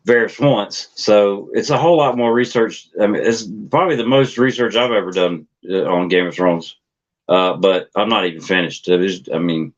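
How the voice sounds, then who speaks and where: A man with a lowish voice hosts his theory channel live, rambling along loosely and stumbling through fillers and false starts. The sound is dull and lo-fi, like a basic stream mic. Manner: halting, many fillers and restarts. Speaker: YouTube theory channel host. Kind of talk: casual rambling livestream chat.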